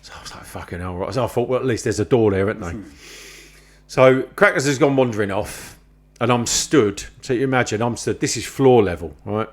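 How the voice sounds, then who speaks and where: A man spins a rude, lively anecdote in a relaxed chat. He swears freely and slips into other people's voices as he tells it. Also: medium pitch, brisk. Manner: swearing, animated anecdotes with acted-out quotes. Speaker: podcast host. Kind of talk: casual storytelling chat.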